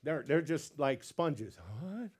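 Man, pastor, sermon, animated, repeats words, slightly high voice. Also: slow pace, breathy edge.

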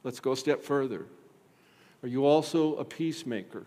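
A man's voice: mid-range voice, moderate pace, dark tone. A male pastor delivering an emphatic sermon in a church, asking the congregation rhetorical questions. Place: church sanctuary. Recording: long hall reverb from a church.

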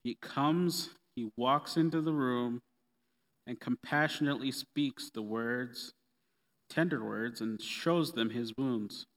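A man preaching a sermon in a relaxed, conversational way with playful asides. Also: mid-range voice, slow pace. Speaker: pastor. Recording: long reverb of a hall.

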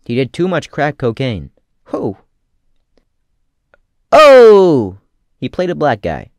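A man giving casual comedic commentary as a vlogger, rambling and profane with deadpan asides. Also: mid-range voice, normal speed, vocal fry, no echo, clean studio sound.

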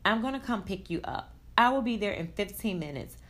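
Woman voicing a calm, caring best friend. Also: medium pitch, a little fast, voice pushed up, lightly acted. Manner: calm, reassuring.

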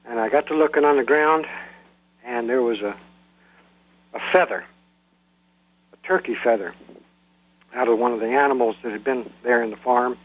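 A man calling into a radio show, telling a ghost story in a plain, halting way with fillers. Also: medium pitch, slightly rough. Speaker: caller. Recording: dull phone-line audio.

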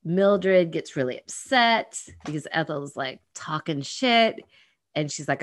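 Woman co-host, low voice, playful, laughs easily, casual chat. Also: animated, measured pace. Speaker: podcast co-host.

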